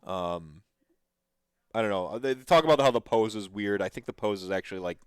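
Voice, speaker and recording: A man's voice: on the low side, brisk, clean tone, dry recording. A man hosting a podcast, reacting to videos in an enthusiastic, rambling way with lots of fillers. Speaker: podcast host. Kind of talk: casual commentary reacting to videos.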